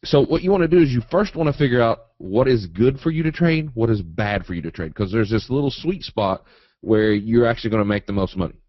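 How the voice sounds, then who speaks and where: A man teaching a live trading webinar in a folksy, animated way, acting out quotes and chart moves. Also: mid-range voice, brisk, no echo. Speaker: trading educator. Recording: dull, dry webinar audio.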